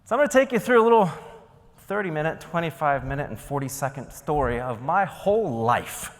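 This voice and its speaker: A man's voice: fairly high pitch, fairly quick. A man from Ohio giving a keynote speech, telling stories with jokes and acting out the scenes. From Ohio, United States. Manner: animated, joking storyteller acting out scenes. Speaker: keynote speaker. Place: large conference hall. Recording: long reverb of a large hall.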